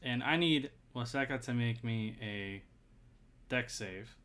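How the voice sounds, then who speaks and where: Relaxed man running a tabletop game. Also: medium pitch, takes it slowly. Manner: relaxed, chatty rules calls with fillers. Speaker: game master.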